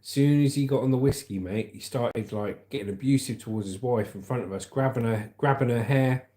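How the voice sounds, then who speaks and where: A man's voice: medium pitch, fairly quick, mellow, echoey room. A man hosting a livestream, chatting casually and rambling as he reads the news, often calling his viewers "mate".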